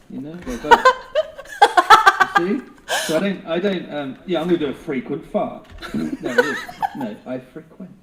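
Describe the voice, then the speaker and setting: A man's voice: fairly high pitch, echoey room. A British man chatting playfully on a live stream, joking and rambling with restarts. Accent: British English. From England. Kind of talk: jokey casual chat.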